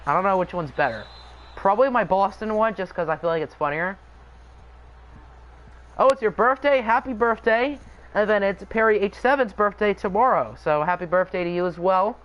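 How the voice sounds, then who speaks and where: On a muffled recording, a young streamer whose voice sits high commentates a simulated football game at a moderate pace. He keeps it casual and joking, chatting with viewers and responding to the live chat.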